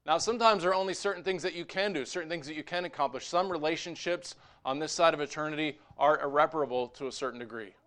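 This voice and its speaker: A man preaching a sermon as pastor, moving between quiet conversational asides and raised, emphatic exhortation. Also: on the high side, quick pace, hardly any pauses.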